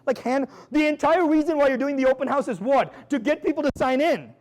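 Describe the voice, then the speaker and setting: A man giving a live seminar talk as a sales trainer, energetic and emphatic, firing rhetorical questions at the audience in a quick, conversational way. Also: very high voice. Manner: quick, conversational, with frequent restarts and "like" and "right?".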